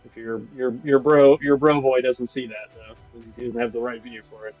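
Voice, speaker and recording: A man's voice: medium pitch, fairly even intonation, normal speed, darkish tone, lo-fi sound, soft background music. A man narrating a tabletop game as game master, casual and with frequent ums and restarts.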